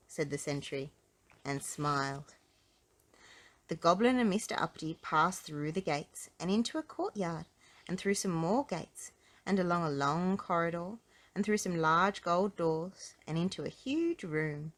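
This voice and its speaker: A woman reading a children's picture book aloud in an expressive, sing-song storytelling manner. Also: lowish voice, normal speed, poor audio. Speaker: storybook reader.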